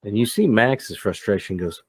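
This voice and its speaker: A man's voice: on the low side, normal speed, husky, dry recording. A man narrating a tabletop game as game master in a casual, rambling way. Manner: casual, rambling, many fillers.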